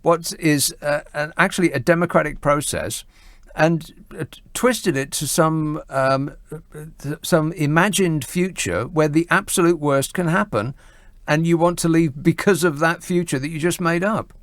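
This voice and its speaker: A man's voice: on the high side, normal speed, no room sound. A man hosting a call-in radio show, arguing with callers in a sarcastic, incredulous way. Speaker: radio host. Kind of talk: talk radio. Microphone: studio mic.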